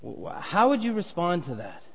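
A middle-aged male pastor delivering a sermon, swelling to loud, emphatic peaks when making a point. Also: sits high, huge pitch swings, moderate pace, husky. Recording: long reverb of a church hall.

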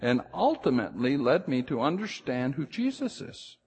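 Husky preaching man in a reverberant hall. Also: big pitch swings. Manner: emphatic preaching, rising loud on key phrases, drops low to slow down. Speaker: pastor. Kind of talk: sermon.

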